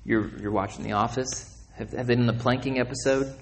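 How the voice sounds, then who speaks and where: A man preaching a sermon in a conversational way, often asking "okay?" and "right?", repeating and restarting words, and rising in pitch and volume when he gets emphatic. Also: steady tone, a little fast. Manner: conversational, asks listeners to check in with "okay?" and "right?". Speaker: pastor.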